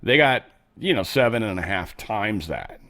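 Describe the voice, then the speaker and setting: Male host, casual sarcastic commentary, lively pitch, loud-to-muttered swings. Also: moderate pace. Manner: loose, joking, sarcastic, swings between loud bursts and low mutters. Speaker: show host.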